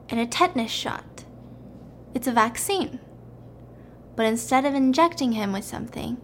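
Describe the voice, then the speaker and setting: A woman's voice: fairly high pitch, a little hiss or hum. A woman host casually and animatedly retelling a film plot, amused and chatty, with plenty of fillers. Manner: lively, amused, conversational with fillers.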